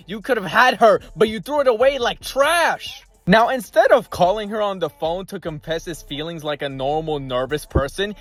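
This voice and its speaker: A young man narrating a comedic movie recap in heavy slang, animated and quick to burst out in mock disbelief. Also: high voice.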